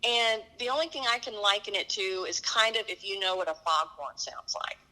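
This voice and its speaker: A woman's voice: medium pitch, normal speed, bright, forceful tone, rough recording. A middle-aged woman earnestly recounting a personal story, acting out the dialogue. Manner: earnest, vivid retelling with quoted dialogue. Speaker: guest telling her story.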